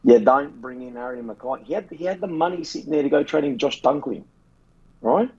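An Australian man co-hosting a casual footy podcast, telling sweary, animated stories and mimicking his mates. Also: fairly high pitch, brisk, slightly rough, dull audio. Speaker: podcast co-host.

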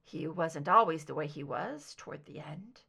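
A woman reading a story plays an older mother with a soft, weary, wistful way of speaking. Her lines rise and fall with lively intonation, turning gently teasing, in a storybook reading. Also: low voice, moderate pace, vocal fry, slightly rough, voice pushed down, full character voice. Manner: soft, wistful, tired yet warm.

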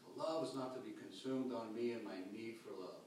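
A pastor preaching a sermon with dynamic swings between loud calls and hushed, quiet lines. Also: male voice, medium pitch, fairly quick, distant mic, slight background noise. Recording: echoey hall picked up from afar.

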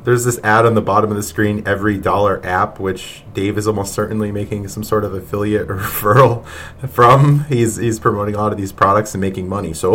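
A man's voice: fairly low pitch, steady tone, fairly quick, fairly bright tone. A man hosting a podcast who reacts to clips in an exasperated, mocking way and laughs often. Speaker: podcast host.

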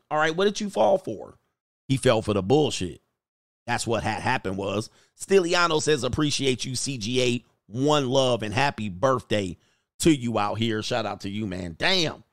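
A man's voice: medium pitch, fairly bright tone, dry recording, clean studio sound. A man hosting a livestream, reading viewer messages and giving mocking, preachy commentary in a casual tone. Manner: mocking, preachy, drawls words for effect. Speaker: livestream host reacting to news and reading super chats.

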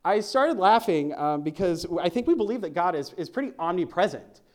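A man's voice: sits high, animated, a little fast. A man preaching a sermon at a church service, conversational and joking as he reads scripture aloud.

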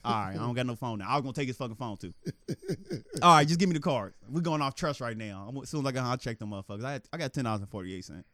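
A man telling a story animatedly in casual podcast chat, laughing and acting out quotes in a higher voice. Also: expressive, racing, a bit bright, no room sound. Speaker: podcast co-host.

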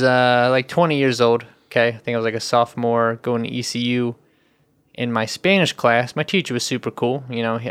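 Guy in his 30s rambling thru a story on a podcast, smooth clear voice, dry close sound, says "i was like" a ton. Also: mid-range voice, dry recording. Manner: rambling, animated, profane, heavy "I was like". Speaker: podcast co-host. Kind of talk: casual storytelling chat.

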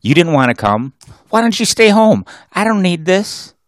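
A man's voice: high voice, big pitch swings, moderate pace, no echo, clean studio sound, pitched above the performer's own voice. A man playing a bitter ranting husband. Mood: angry ranting. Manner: loud, sarcastic ranting. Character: bitter, hot-tempered husband diver.

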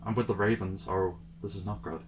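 A man's voice: deep voice, fairly even intonation, slight background noise, voice pushed down, close to an everyday voice, rough recording. A man doing a worried, hesitant old gnome. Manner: hesitant, halting, drops to a murmur. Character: fussy elderly gnome official, worried.

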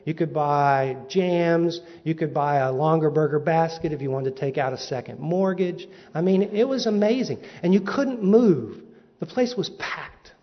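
Man, preacher, humorous storytelling, animated, dull audio, echoing hall. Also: on the high side. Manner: animated, comic timing. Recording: dull recording in a reverberant hall.

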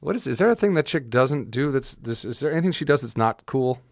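A man of middling pitch co-hosts a podcast, joking, riffing and poking fun at himself. His voice is recorded close and bone dry, with no room at all. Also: expressive, quick pace, no echo. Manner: joking, riffing, self-mocking. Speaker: podcast co-host. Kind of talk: casual chat.

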